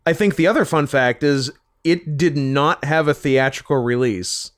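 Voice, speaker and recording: Chatty podcast dude, kinda high voice, swears a lot, dry close mic. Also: male voice, moderate pace, no echo. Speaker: podcast co-host. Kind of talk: casual film podcast chat.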